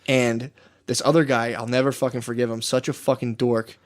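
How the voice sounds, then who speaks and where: A man's voice: medium pitch, flat delivery, a little fast. A young man from Texas, a podcast co-host telling a wild story in rambling, profane casual talk and acting out the quotes.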